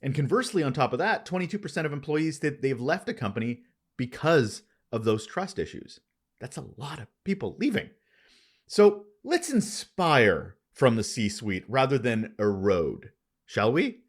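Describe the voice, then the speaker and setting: A man's voice: medium pitch, moderate pace. A man hosting a workplace podcast, introducing his guest with playful asides. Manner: lively, playful delivery with asides. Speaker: podcast host. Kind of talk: podcast interview.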